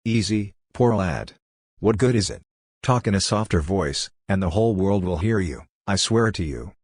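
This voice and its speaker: A man reading the part of a wise, tender condemned male prisoner who speaks gently and philosophically. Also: low voice, lively intonation, moderate pace, no echo, clean studio sound. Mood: soothing.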